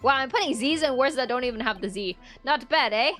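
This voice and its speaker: Woman streamer, upbeat and jokey, fairly high voice, faint music under her. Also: moderate pace. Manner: excitable, joking, greets chat. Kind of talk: casual live-stream chat while reading a game.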